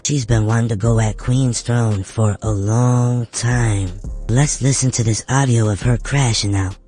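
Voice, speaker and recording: A man hosting a commentary show, calmly introducing clips and explaining them. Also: mid-range voice, a little slow, faint music behind. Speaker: commentary host. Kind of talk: commentary narration.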